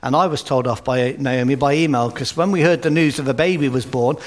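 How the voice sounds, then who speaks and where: A man preaching a sermon with gentle humor and anecdotes, at a baby's naming. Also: medium pitch, fairly quick. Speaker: pastor. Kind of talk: sermon at a baby dedication.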